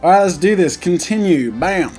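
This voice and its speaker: A man chats through his gameplay in a playful, jokey way, often bursting into excited shouts. His voice sits a touch high. Faint music runs in the background. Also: normal speed. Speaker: gaming video host. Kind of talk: energetic gameplay commentary.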